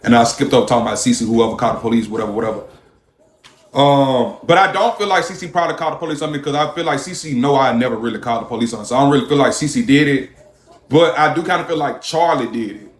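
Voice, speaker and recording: A man livestreaming, telling a story in an animated, profane way and thanking viewers for their gifts. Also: mid-range voice, quick pace. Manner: animated, profane storytelling, shouting when worked up. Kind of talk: live-stream storytelling. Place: a hot room. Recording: roomy echo.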